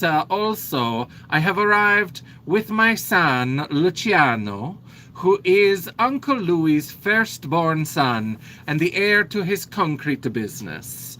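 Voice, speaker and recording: A man doing a theatrical Italian contessa, scheming and grand, with a put-on Italian accent. She draws out her words in a raised, bright voice. A faint rumble sits underneath. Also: full character voice. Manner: grand, drawn-out, ominous delivery.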